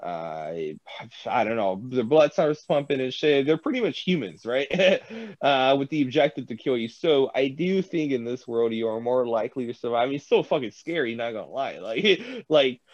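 A man's voice: medium pitch, animated, normal speed, dry recording. A young man in casual podcast chat, rambling, swearing often and laughing. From United States. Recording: dull dry lo-fi recording.

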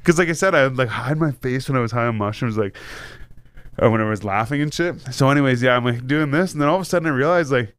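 A man's voice: mid-range voice, quick pace, fairly bright tone, clear, resonant tone, dry recording. A man telling a story in casual chat, laughing often and swearing freely.

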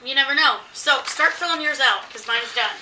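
A tipsy, giggly woman co-hosts a casual chat at home. Her voice is very bright and a little high. She sits a bit back from the mic, with faint room noise behind her. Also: moderate pace, roomy sound, distant mic, low-quality recording. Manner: giggly, excitable, swearing. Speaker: co-host.

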